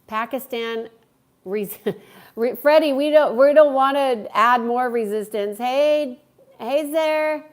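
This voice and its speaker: A fairly high-voiced woman hosts a live stream from home, talking straight into her computer mic. She chats warmly with her viewers, greets them by name and works through their questions as they come in. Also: unhurried. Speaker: livestream host and coach.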